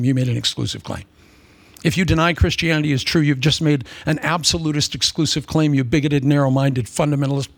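A man preaching a humorous sermon, sarcastic and animated, slipping into mock voices. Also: fairly high pitch, creaky, dry recording.

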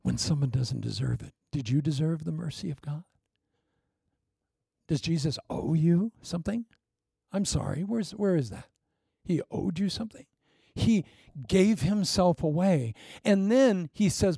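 A male pastor preaches with animated delivery and now and then drops into a whisper for emphasis. His voice is mellow, husky and gravelly, and it sounds close and dry. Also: a little high, a little slow, dry recording. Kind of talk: sermon.

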